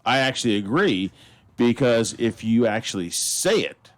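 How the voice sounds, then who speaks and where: A man's voice: mid-range voice, unhurried. A man co-hosting a casual talk show, telling rambling stories with plenty of fillers. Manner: rambling, animated storytelling. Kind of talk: casual chat.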